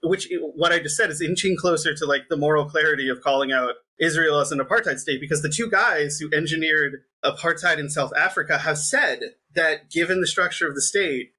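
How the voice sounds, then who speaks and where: A man's voice: fairly high pitch, brisk, hardly any pauses, bright, forceful tone, husky. A young man in casual conversation, rambling with constant fillers and sounding frustrated. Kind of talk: casual political chat.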